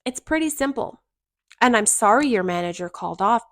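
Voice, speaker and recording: A woman's voice: fairly high pitch, animated, moderate pace, a bit bright, no echo. Woman host, middle-aged, blunt and sarcastic reaction commentary, dry close sound.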